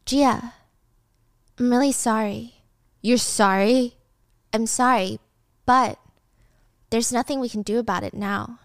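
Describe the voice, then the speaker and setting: A woman's voice: fairly high pitch, fairly even intonation, slow pace, pauses often, dry recording, studio quality. A woman voicing a selfish young woman who betrays her best friend, in a whiny, pleading manner. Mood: fake-sorry.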